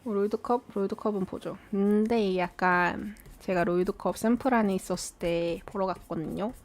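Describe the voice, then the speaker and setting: A woman's voice: medium pitch, very fast. A woman hosting a live-stream watch party, chatting casually and answering viewer questions aloud. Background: faint background music.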